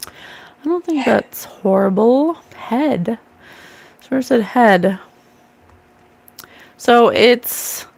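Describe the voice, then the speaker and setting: A woman's voice: on the high side, gravelly, a little mellow. A middle-aged woman doing a live psychic card reading, talking earnestly and emotionally to her viewers. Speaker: psychic medium streamer. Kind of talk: live-stream card reading, casual talk.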